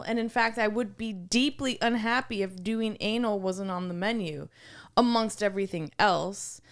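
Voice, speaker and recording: A woman co-hosting a podcast, telling rambling stories in casual chat with lots of laughter. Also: medium pitch. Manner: animated, laughing, rambling storyteller. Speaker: podcast co-host.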